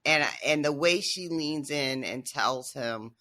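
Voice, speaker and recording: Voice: mid-range voice, takes it slowly, pushed and bright. A podcast co-host in casual chat about a TV episode, often chiming in with short agreements.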